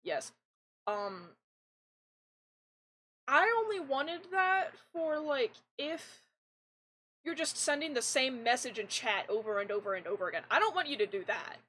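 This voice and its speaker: A woman's voice: high-pitched, a little slow, long pauses, slight background noise, rough recording. A young woman streaming a game, chatting casually with viewers in a rambling way, her voice fairly androgynous, into a desk mic. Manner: rambling, restarts often, animated. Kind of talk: casual live-stream chat.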